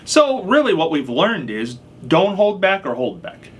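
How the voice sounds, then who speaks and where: A man's voice: high-pitched, a little slow, breathy edge. A man hosting a radio talk show, chatting casually with a co-host and teasing them. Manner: lively, teasing, laughs often. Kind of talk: casual on-air chat.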